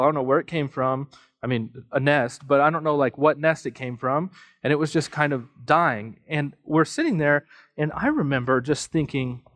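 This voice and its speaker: A man pastor preaching a sermon, telling a personal story in a casual, joking, animated way full of asides. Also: mid-range voice, no room sound, clean studio sound. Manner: conversational storytelling with self-deprecating humor; animated, with frequent fillers and asides.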